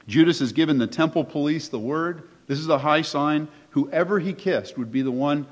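A man's voice: fairly high pitch, moderate pace. Male pastor preaching in an echoey hall. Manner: conversational, emphatic preaching with rhetorical questions. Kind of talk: sermon. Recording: echoey hall, dull lo-fi sound.

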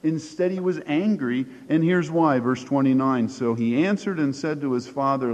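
A man's voice: medium pitch, normal speed, hardly any pauses, a little mellow, highs cut off. A man preaching a sermon, telling a Bible story and reading scripture aloud with rising force. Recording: long reverb of a large hall.

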